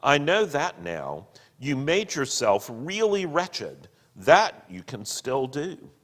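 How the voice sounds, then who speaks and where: A man voicing a gentle, radiant heavenly woman who pleads with her husband, slow and earnest. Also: medium pitch, very animated, pitched above the performer's own voice, exaggerated voice. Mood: pleading. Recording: long hall reverb.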